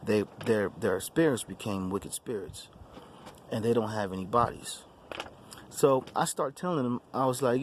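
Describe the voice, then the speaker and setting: A man's voice: fairly low pitch, a little fast, slight background noise. A man hosting his own channel, telling a personal testimony story in an emphatic, repetitive way. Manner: repetitive, emphatic, restarts phrases. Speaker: YouTube channel host.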